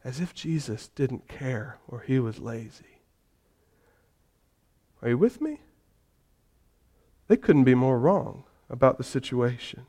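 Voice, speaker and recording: A male pastor preaching a sermon in an animated way, shifting from hushed, gentle passages to loud, vivid storytelling. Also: mid-range voice, takes it slowly, pauses often.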